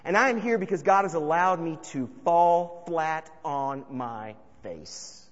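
A man preaching a sermon, telling stories and swinging between loud calls and hushed asides. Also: a little high, animated, a little slow, in a large hall, lo-fi sound. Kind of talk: sermon with storytelling.

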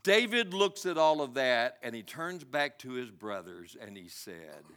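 Dramatic preaching man, lively voice. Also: medium pitch, unhurried, clean tone. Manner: dramatic storytelling, swinging between loud and hushed. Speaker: pastor. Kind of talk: sermon.

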